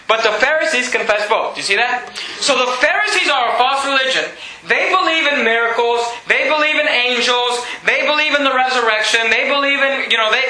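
Guy preaching w a really high sharp voice, lively, acts out the bible story, echoey room. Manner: lively preaching, reads scripture aloud and acts out the people in it. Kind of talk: sermon.

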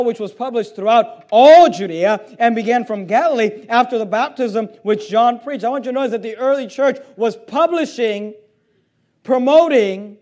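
A man, a pastor, preaching an impassioned and indignant sermon in a church, reading scripture and swinging between loud outbursts and low intensity. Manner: reads scripture aloud and answers imagined questions. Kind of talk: fiery sermon. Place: church sanctuary.

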